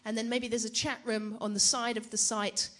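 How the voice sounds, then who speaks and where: A woman's voice: on the high side, little pitch movement, brisk. A young woman preaching to a church gathering in a chatty, self-deprecating way, often asking the audience questions. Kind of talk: conference teaching talk.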